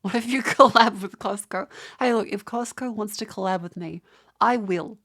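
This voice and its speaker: A woman's voice: mid-range voice, moderate pace, a bit bright. Exasperated Australian woman ranting to chat. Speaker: streamer. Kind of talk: casual live-stream chat.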